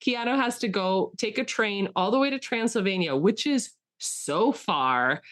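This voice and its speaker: A woman's voice: medium pitch, expressive, unhurried. A woman co-hosting a podcast, talking enthusiastically about a film in casual chat with lots of fillers. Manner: chatty, enthusiastic, with frequent fillers and restarts. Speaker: podcast co-host.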